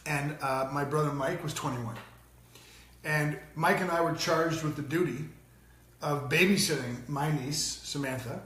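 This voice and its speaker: Animated storytelling man, bright and high. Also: a little slow, reverberant, slight background noise. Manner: animated storyteller, mimics voices. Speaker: co-host. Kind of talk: casual parenting talk.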